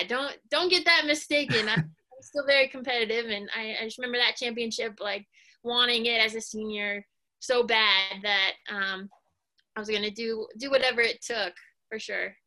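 A woman in her thirties with a bright, fairly high voice talks through an interview. She is soft-spoken and hesitant, leaning on pauses and fillers as she answers. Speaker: former college basketball player, now coach. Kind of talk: casual interview.

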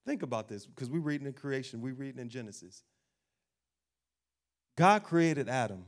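A man preaching an animated sermon as pastor, acting out doubting voices and laughing along the way. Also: mid-range voice, moderate pace.

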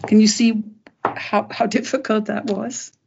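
A woman poet and translator, speaking thoughtfully and haltingly in an interview, with many pauses and restarts, and reading a poem aloud. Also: medium pitch, little pitch movement, creaky, a little mellow, a little hiss or hum. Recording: dull lo-fi recording.

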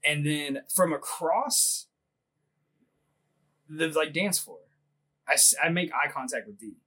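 Husky man rambling through a crude story. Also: on the high side, expressive, slow, pushed and bright. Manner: rambling, laughs a lot, heavy "like" filler. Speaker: podcast co-host.

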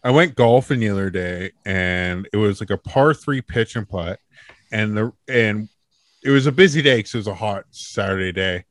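A man's voice: on the low side, normal speed, dry recording. A man casually telling a profane, laughing story on a comedy chat show.

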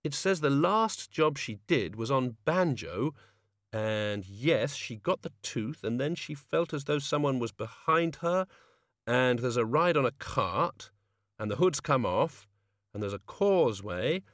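A man reading an audiobook, voicing a brisk young woman governess who gives orders impatiently. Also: medium pitch, animated, a bit bright, dry recording, clean studio sound. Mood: puzzled. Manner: commanding, impatient. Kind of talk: audiobook character voice.

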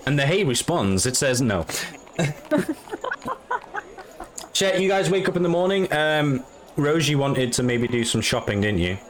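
A man's voice: mid-range voice, animated, unhurried, pauses often, noisy background. Male game master, rambling narration, lots of fillers, tabletop game.

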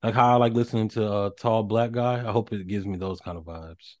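A man with a lowish voice co-hosting a casual podcast chat. He drawls in a laid-back way and tosses out dry remarks. His voice sounds close and dry, with no room around it. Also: steady tone, brisk, a little mellow, dry recording. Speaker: podcast co-host.

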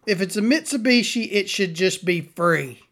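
A man's voice: high voice, lively intonation, normal speed, a bit bright. A man, hosting a podcast in a rambling, profane, sardonic monologue. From Southern US. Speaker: podcast host.

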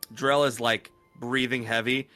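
A man's voice: mid-range voice, little pitch movement, moderate pace, pushed and bright, faint music behind. A man playing a tabletop game, loosely narrating his character's actions with laughs and fillers. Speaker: player.

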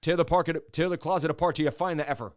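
A man voicing a menacing Irish police officer with a slow, emphatic brogue, inside a spoken story. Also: a little high, steady tone, dry recording, studio quality, natural voice.

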